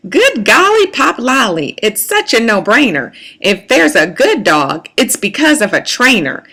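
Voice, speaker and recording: A woman's voice: fairly high pitch, very animated, a little slow, pushed and bright, exaggerated voice. A woman voicing a stern, fussy mother cat in a storybook, speaking emphatically and dramatically. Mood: emphatic.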